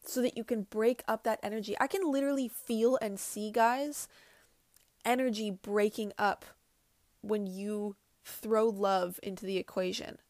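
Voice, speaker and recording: A woman's voice: mid-range voice, steady tone, unhurried, a little mellow, dry recording, clean studio sound. A woman talking casually and earnestly to her viewers about healing and self-love, often repeating her points. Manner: earnest, talks directly to viewers, repeats herself. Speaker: spiritual wellness vlogger. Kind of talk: casual talk to camera.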